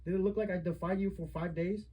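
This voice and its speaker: A young man argues with his mother in a heated confrontation, asking the same accusing questions again and again. His voice sits high for a man but sounds dark and husky. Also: fairly even intonation, fast talker, poor audio. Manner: accusing, repetitive rhetorical questions. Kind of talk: heated family argument.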